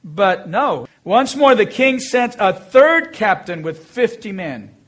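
A male pastor preaching a sermon, telling a scripture story expressively with slow, emphatic phrases. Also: high-pitched, very animated, fairly bright tone.

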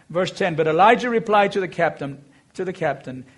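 A male pastor preaching a sermon, telling a scripture story expressively with slow, emphatic phrases. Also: high voice, expressive, slightly rough.

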